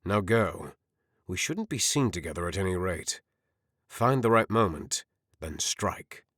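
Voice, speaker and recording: A man playing a power-hungry lord, low, cold and threatening, dry close sound. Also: lively intonation, unhurried, fairly bright tone, dry recording, heavily acted. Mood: scheming. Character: scheming older lord, menacing and power-hungry.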